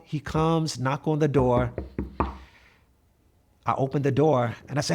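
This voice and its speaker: A man's voice: mid-range voice, steady tone, a little slow, pauses often, a little mellow. Earnest man in his fifties, storyteller. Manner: earnest, acts out dialogue in his anecdotes. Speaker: math coach. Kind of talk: interview storytelling.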